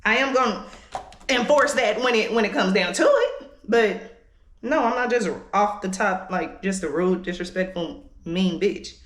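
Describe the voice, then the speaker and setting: Doing her makeup indoors at home, a vlogger in her late 20s vents to the camera with a frank, foul-mouthed and heated story. She speaks at a medium pitch, animated but unhurried, in an echoey room.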